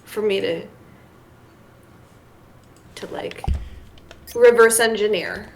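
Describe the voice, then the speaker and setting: A woman game streamer chatting casually, talking in a halting way with lots of "like" fillers. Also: medium pitch, a little hiss or hum. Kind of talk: casual chat while playing a game.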